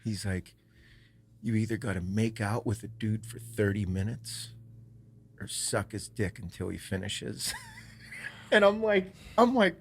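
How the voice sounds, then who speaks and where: A man's voice: fairly low pitch, measured pace, long pauses. Cursing, laughing man telling a story. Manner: animated storyteller, swears a lot, laughs often, drops to a hush when telling the story. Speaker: podcast host. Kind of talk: casual storytelling chat.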